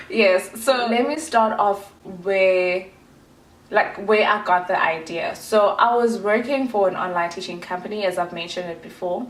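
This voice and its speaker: A woman's voice: medium pitch, unhurried, roomy sound, rough recording. A woman from South Africa in her twenties, chatting casually and rambling to her vlog audience with playful asides. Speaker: vlogger. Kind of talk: casual chat to camera.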